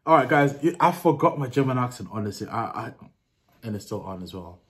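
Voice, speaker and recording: A man's voice: mid-range voice, lively intonation, a little fast, a bit bright. A young man vlogging casually to camera, chatty and laughing, with street slang. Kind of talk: casual vlog talk to camera.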